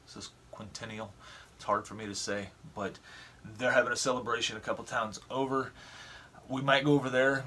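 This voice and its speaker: Male vlogger, bright tense tone, loose rambling chat with the audience. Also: fairly low pitch, slight background noise. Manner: rambling, stumbling over repeated words; chatty, talking straight to viewers. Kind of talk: casual vlog chat.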